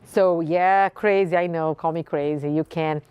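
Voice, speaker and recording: A woman's voice: sits low, steady tone, unhurried, a little mellow, clean tone, no echo, dull audio. A woman from Brazil with a Brazilian Portuguese accent, hosting and giving a passionate inspirational speech with repeated phrases for emphasis. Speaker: host.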